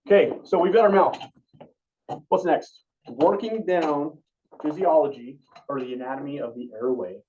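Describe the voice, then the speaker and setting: A man leads an EMT class in a relaxed, informal way, questioning his students as he goes. His voice is dark and mellow. He is picked up from a distance in a classroom on a dull, lo-fi recording. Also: fairly high pitch, normal speed, a little hiss or hum. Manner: casual, asks the class questions. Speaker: EMT instructor.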